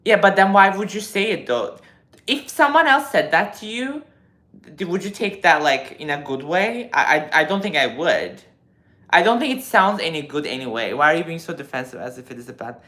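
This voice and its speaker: A man in his twenties on a casual live stream, reading viewer comments and answering them in an animated, lecturing way with lots of fillers. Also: fairly high pitch, moderate pace. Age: 20s.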